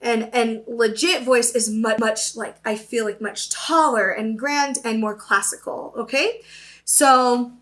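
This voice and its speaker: A woman's voice: a little high, steady tone, takes it slowly, fairly bright tone. A young woman teaching an upbeat virtual voice lesson, explaining terms and checking in with her students. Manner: upbeat, explains then demonstrates, often checks with "okay?".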